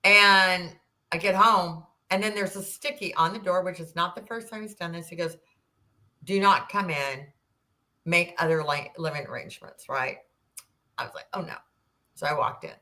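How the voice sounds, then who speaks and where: Woman, 60s, podcast guest, bright tense voice, animated storytelling. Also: lowish voice, normal speed. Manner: animated, acts out quoted dialogue, rambling restarts. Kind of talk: personal storytelling in an interview.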